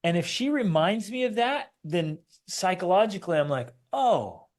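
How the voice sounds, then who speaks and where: A man's voice: high voice, big pitch swings, normal speed. A man co-hosting a family podcast in casual chat, acting out quoted lines with animation. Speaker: podcast co-host.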